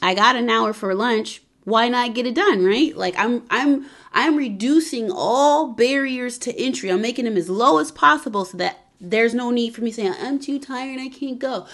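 A woman's voice: a little high, normal speed, hardly any pauses, fairly bright tone. Chatty, encouraging woman vlogger. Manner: chatty and encouraging, with frequent laughs. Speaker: wellness vlogger and podcast host. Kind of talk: casual motivational talk to viewers.

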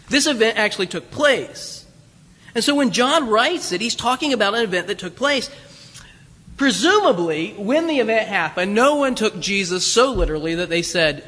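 A man preaching a conversational sermon, animated and chatty, acting out voices from the crowd. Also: high voice. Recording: long reverb of a large hall.

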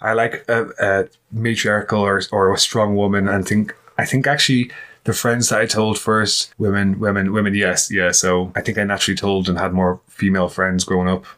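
A man in his thirties with an Irish accent, co-hosting a casual podcast and telling stories in a lively way, often laughing and acting out what people said. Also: fairly low pitch, normal speed. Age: 30s. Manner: lively storyteller, laughs often and acts out quotes. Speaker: podcast co-host. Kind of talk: casual chat.

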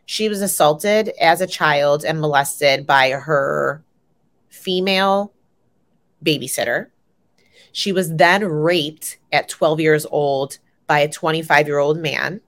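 A young adult woman co-hosting a casual pop culture podcast, an animated storyteller who swears freely and jumps high in pitch when she gets excited. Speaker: podcast co-host.

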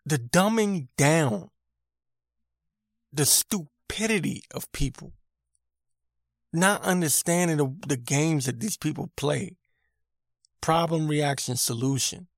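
A man's voice: a little high, unhurried, creaky, no echo, studio quality. A man hosting his own podcast, giving an irritated, emphatic opinion rant and repeating his points for emphasis. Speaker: podcast host.

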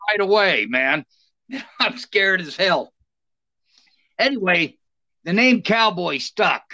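A middle-aged former soldier takes his time telling down-to-earth stories in an easygoing interview, animated and laughing. He has a high voice, captured in lo-fi sound.

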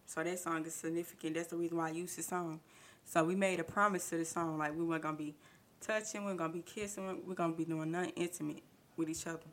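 A woman speaking in spins a personal story for her podcast, stacking up quoted back-and-forth with lots of "I said" and false starts. Her voice sits a little low but has a bright, sharp edge. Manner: retells dialogue with many "I said" restarts, slangy. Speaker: podcast host. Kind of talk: casual storytelling.

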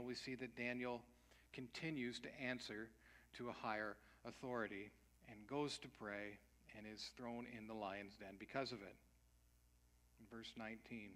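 A man's voice: medium pitch, sharp tone. A man preaching a sermon, mixing emphatic points with rhetorical questions and casual asides. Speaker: pastor.

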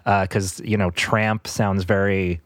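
A man's voice: low voice, flat delivery, takes it slowly, no room sound, clean studio sound. A man hosting a casual podcast about music, rambling with frequent laughs and restarts. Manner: slips into goofy impressions. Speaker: podcast host.

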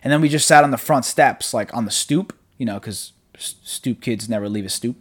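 A man's voice: medium pitch, brisk. A young man hosting a casual solo podcast from his apartment, rambling in a loose, laid-back way, swearing freely and laughing often. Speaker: podcast host. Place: apartment room at home.

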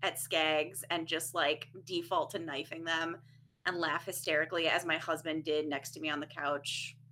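A woman co-hosts a casual gaming podcast, animated and quick to laugh. Her voice sits fairly low but sounds bright and forceful. A faint hiss of noise stays under the recording. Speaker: podcast co-host.

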